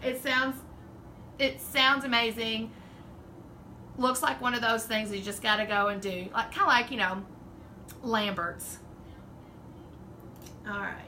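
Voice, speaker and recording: A woman's voice: fairly high pitch, fairly even intonation, a little slow, long pauses, pushed and bright, a little hiss or hum, poor audio. A woman with a Southern drawl chatting casually and rambling as the host of a home craft livestream. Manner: chatty, rambling, laughs often. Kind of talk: casual live-stream chat.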